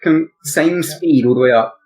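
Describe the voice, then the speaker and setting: A man's voice: a little high, normal speed, darkish tone, faint music behind, rough recording. A man taking part as a player, thinking aloud and hesitating as he declares his actions. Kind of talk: casual tabletop play.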